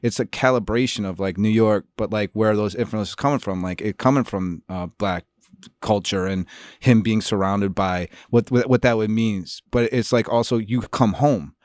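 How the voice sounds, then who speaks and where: A man's voice: fairly low pitch, normal speed, darkish tone, no echo, clean studio sound. A man from Chicago, an actor as guest, talking loosely with many fillers and restarts. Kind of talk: casual interview chat.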